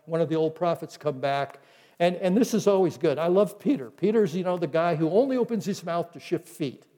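A man with a high, mellow voice preaches a teaching sermon. He slows and softens when he quotes scripture. A long reverb hangs behind him. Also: animated. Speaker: pastor.

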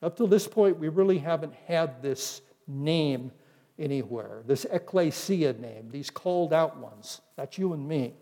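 A man preaching a teaching sermon, quoting scripture in a slower, softer voice. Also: on the high side, animated, big-room sound. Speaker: pastor.

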